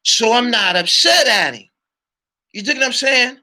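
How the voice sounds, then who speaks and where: A man telling a heated personal story to his channel, swearing often and shouting when worked up. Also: very high-pitched, lively intonation, unhurried. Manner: repeats "you dig what I'm saying". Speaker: channel host. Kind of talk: storytelling vlog monologue.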